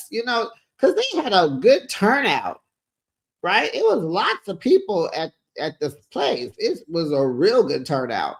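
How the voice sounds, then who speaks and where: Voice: mid-range voice, big pitch swings, measured pace. A host giving a casual recap of a reality show, sassy and gossipy, breaking into exclamations and laughs while retelling.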